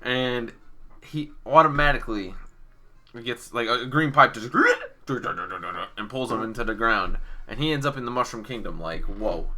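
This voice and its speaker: A young man co-hosts a relaxed gaming podcast, making up a goofy tale on the spot. His voice moves all over the place in pitch and has a bright, forward ring. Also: unhurried. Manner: playful, improvises silly stories. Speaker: podcast co-host. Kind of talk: casual chat.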